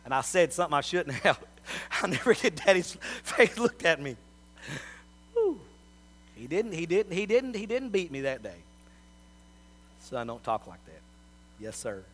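A middle-aged man delivers a sermon in a high, bright voice. He talks in a folksy, storytelling way, dropping to soft asides and rising to loud appeals to the congregation. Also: big pitch swings, moderate pace, pauses often. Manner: folksy storytelling with big swings in loudness. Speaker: preacher.

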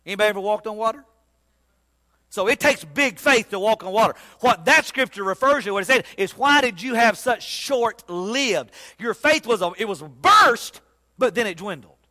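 A man preaching a sermon, telling the story in an animated, folksy way with sudden loud bursts. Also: sits high, moderate pace. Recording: long hall reverb.

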